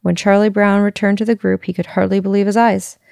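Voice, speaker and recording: Lively woman storyteller reading a picture book; gravelly, dry close sound. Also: mid-range voice, a little fast, dry recording. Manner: lively, chuckles as she reads.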